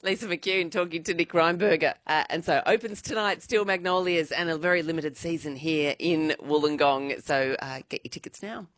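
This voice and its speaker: A radio presenter wrapping up an interview and announcing a show, brisk and informal. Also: medium pitch, fairly bright tone, no room sound, clean studio sound. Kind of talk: radio link between segments.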